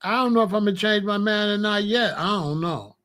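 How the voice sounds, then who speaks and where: A man's voice: high voice, brisk, pushed and bright. An older man, a grandfather, talking casually to camera in a profane, taunting rant, laughing often and asking "you know what I'm saying?". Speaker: vlogger scolding his grandson.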